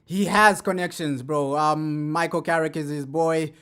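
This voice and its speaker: A man giving casual fan commentary as a streamer reacting to clips, talking in a chatty way and tagging his sentences with quick asides. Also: a little high, fairly even intonation, sharp tone, clean tone. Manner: chatty, keeps adding "bro" and "right?".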